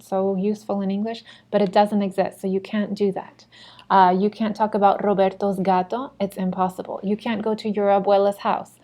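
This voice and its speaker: Her voice medium in pitch and mellow, a female teacher delivers a recorded Spanish lesson. She models phrases, explains things patiently in English and chats her way through, correcting herself as she goes.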